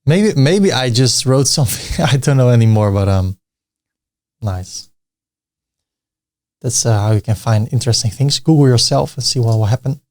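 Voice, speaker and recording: A young adult man hosting a screen-recorded software tutorial, thinking aloud in a relaxed way with fillers and restarts. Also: mid-range voice, brisk, few pauses. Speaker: tutorial host.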